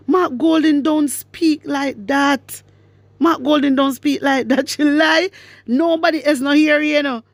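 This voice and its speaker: A woman's voice: on the high side, no echo. A Jamaican woman giving heated, mocking political commentary with frequent exclamations. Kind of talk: heated social media commentary.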